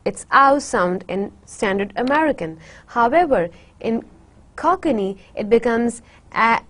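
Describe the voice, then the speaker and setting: A woman's voice: a little high, animated, normal speed, fairly bright tone. A woman giving a university literature lecture, hesitant with many fillers, repeating words to demonstrate their sounds.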